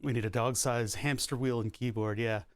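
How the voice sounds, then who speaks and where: A man's voice: fairly even intonation, normal speed, no room sound, clean studio sound. Man chatting to his puppy on stream. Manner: talks to his puppy in a high sing-song baby voice, laughs often. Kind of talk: casual chat. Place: his workshop, indoors.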